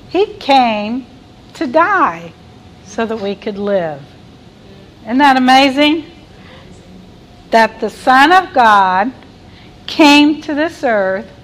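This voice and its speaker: A middle-aged woman delivers a sermon at an unhurried pace. She reads scripture aloud and puts questions to her listeners. Her voice sits a little high. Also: rough recording. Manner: reads scripture aloud and cries out quoted lines loudly. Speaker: preacher.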